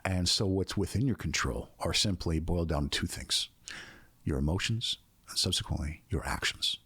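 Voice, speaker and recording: A man's voice: deep voice, moderate pace, a bit bright, slightly rough, dry recording. A man who is a guest on a podcast, explaining ideas in a casual, earnest and reflective way. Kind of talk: casual conversation.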